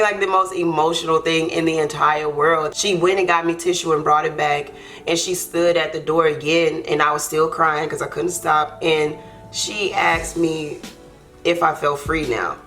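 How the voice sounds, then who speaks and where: Young woman, lowish voice, earnest, heartfelt storytime, casual fillers. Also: steady tone, normal speed, fairly bright tone, soft background music. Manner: earnest, heartfelt, loose with fillers like "like" and "you know". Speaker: YouTube co-host. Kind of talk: emotional storytime.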